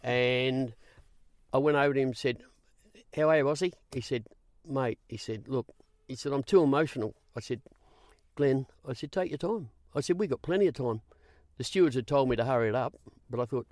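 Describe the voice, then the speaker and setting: Brief: older Australian male guest, lively yarn-spinner who acts out quoted dialogue, dry close recording. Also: medium pitch, brisk, dry recording. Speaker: guest, former racing reporter. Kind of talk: storytelling interview.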